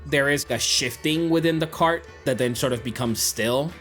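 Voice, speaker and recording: Rambling game master narrator. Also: male voice, mid-range voice, moderate pace, a bit bright, faint music behind. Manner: descriptive, filler-heavy narration.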